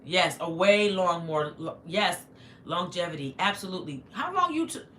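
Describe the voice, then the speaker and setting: A fairly low, bright, forceful voice belongs to a middle-aged woman chatting casually on a home livestream while she eats. She's animated and talks at a normal speed, recorded by phone in an echoey room with a little noise.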